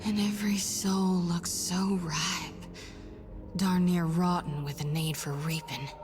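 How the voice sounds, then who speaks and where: A haunted game companion who lingers over every grim vision in a slow, drawn-out delivery and hushed half-whispers. Clear game music plays behind her voice. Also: lowish voice, steady tone. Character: haunted woman tormented by visions of death. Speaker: game character. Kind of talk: voiced video game dialogue.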